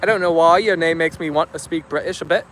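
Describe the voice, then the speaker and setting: A man's voice: a little high, fast, a bit bright. A man hosting a casual live stream outdoors, chatting easily as he reads out viewer comments and answers them. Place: outdoors with his dogs.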